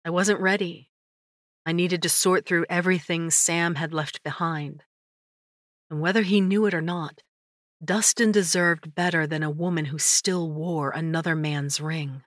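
Woman narrator, first-person audiobook, low voice, dry booth sound, measured. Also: fairly even intonation, no room sound. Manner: measured, introspective.

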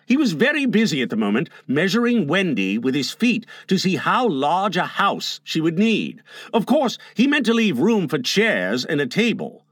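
Expressive man reading a storybook aloud. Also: sits high, normal speed, dry recording, clean studio sound. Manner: expressive, playful. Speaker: narrator.

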